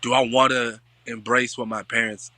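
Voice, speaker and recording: Male host, AAVE speaker, lively and teasing, bright tone, close dry mic. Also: medium pitch, moderate pace, no room sound. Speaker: podcast host. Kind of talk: casual chat.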